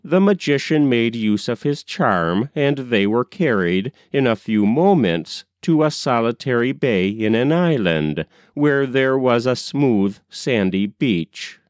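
A man narrating a story aloud at an unhurried pace. His voice moves up and down a lot, and he reads in a measured, expressive way. The recording is dry and close. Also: mid-range voice, smooth, no echo. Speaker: audiobook narrator.

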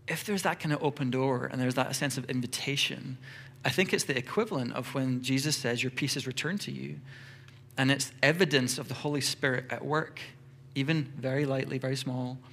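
A middle-aged man preaches in a church with an ordinary mid pitch. He talks lively, dropping into brief acted-out exchanges with quick voices. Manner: lively, acts out little dialogues in quick voices. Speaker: pastor. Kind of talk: sermon.

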